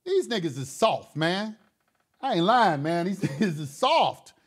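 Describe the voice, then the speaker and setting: A man's voice: high voice, very animated, unhurried, breathy edge. A male talk show host delivering a heated, profane monologue, repeating words and restarting his sentences as he gets worked up.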